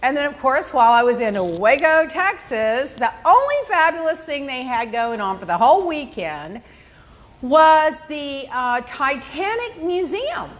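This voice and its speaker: Lively high-voiced woman telling a story. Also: a little slow. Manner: animated, exclamatory, quotes herself in big swings. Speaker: podcast host. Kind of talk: casual storytelling chat.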